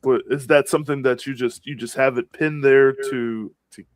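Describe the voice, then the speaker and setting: A man playing a tabletop game, speaking haltingly as he searches for words. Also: medium pitch, fairly even intonation, dry recording. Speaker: player.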